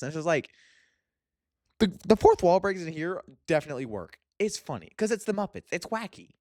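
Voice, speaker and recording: A young man reviewing movies in a casual vlog, excitable and gushing, with lots of fillers. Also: medium pitch, no room sound, clean studio sound. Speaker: movie vlogger.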